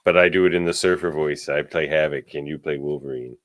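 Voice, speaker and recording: A man's voice: rumbling low, fairly even intonation, fairly quick. A man co-hosting a podcast in casual chat, making dry, joking asides. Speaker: podcast co-host.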